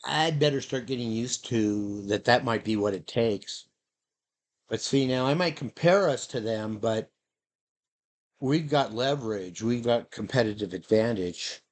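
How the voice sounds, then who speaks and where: A man's voice: mid-range voice, unhurried. A man vlogging in a loose, rambling monologue, musing aloud and drifting between thoughts. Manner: meandering, playful, breaks into silly dog noises and voices.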